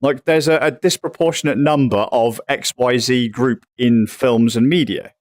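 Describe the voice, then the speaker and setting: A man's voice: medium pitch, normal speed. A young man from England ranting in casual chat on a livestream, swearing freely and rambling. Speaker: livestream host.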